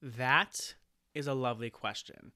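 A man from Maine, a band director and podcast guest, telling stories in animated casual chat and laughing often. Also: medium pitch, unhurried, no room sound, clean studio sound. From Maine, United States.

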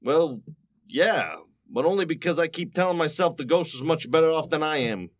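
An actor playing a gloomy, self-pitying maestro neighbor in a 1940s radio sitcom, with a mournful, wry delivery. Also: male voice, on the high side, expressive, moderate pace. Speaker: neighbor musician.

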